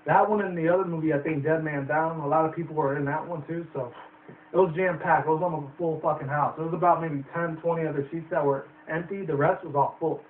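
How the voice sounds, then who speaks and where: A young man reviews a movie in a loose, rambling way, swearing a lot and leaning on filler words. His voice is a bit high and steady, and he talks fast. The recording is tinny and phone-like, roomy and distant, with slight background noise.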